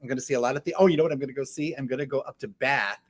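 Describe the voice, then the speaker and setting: A man's voice: medium pitch, racing. A man in his sixties, a guest on a talk show, telling stories in a theatrical, camp way. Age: 60s. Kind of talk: casual chat. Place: restaurant.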